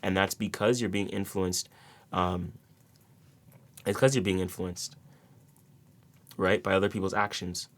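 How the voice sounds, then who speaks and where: A man's voice: sits low, level tone, unhurried, long pauses, a bit bright. A man giving a casual tarot reading to his viewers, rambling with repeated words and many fillers. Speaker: tarot reader.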